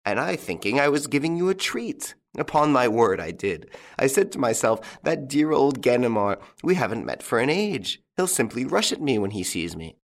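A man reading the part of a suave, mocking young gentleman thief in an audiobook, with a playful, teasing manner. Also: mid-range voice, very animated, normal speed, few pauses, pitched above the performer's own voice.

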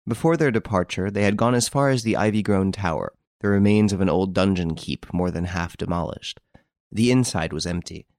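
A man narrating a novel aloud in an expressive, varied storytelling manner. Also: deep voice, fairly quick, dry recording, clean studio sound. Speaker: audiobook narrator. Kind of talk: scripted narration.

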